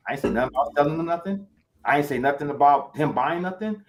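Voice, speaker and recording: A man as a podcast guest, giving animated, emphatic motivational talk about network marketing, with slangy street phrasing and lots of catchphrases. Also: on the high side, fast, slight background noise. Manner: animated, emphatic, acts out quotes in other voices.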